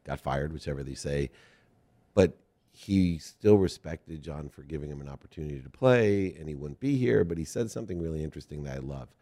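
A man's voice: a bass voice, expressive, a little fast, mellow. A middle-aged man from Ohio, hosting a podcast interview and telling rambling, earnest stories. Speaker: podcast host. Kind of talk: conversational interview.

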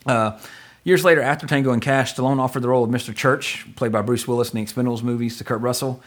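A man co-hosting a casual movie podcast, rambling through trivia and getting excited and joking as he goes. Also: mid-range voice, quick pace. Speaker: podcast co-host.

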